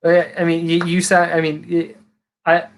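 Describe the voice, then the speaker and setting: A man's voice: on the high side, completely flat delivery, normal speed, a crowd in the background. A man with a Californian accent hosting a livestream chat, rambling with many restarts and casual swearing. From California, USA. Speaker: livestream host.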